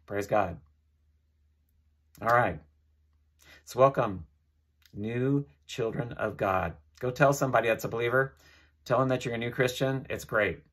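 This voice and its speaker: A man's voice: mid-range voice, unhurried, pauses often, a bit bright. A man giving an informal sermon, earnest and repeating phrases as he leads listeners in prayer. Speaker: preacher.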